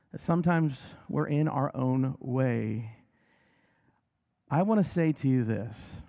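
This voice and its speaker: A pastor gives a gentle, reassuring sermon, easing his pace on key lines. His voice is gravelly, in a middling register. He speaks directly to his congregation. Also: mid-range voice. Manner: gentle, reassuring, slows down for emphasis.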